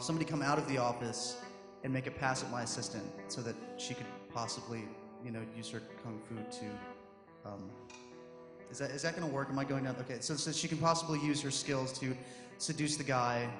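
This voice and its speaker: A man talks fast and eagerly as a player at a tabletop game, often restarting his sentences. His voice rings in a roomy hall with music behind. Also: mid-range voice, fairly even intonation.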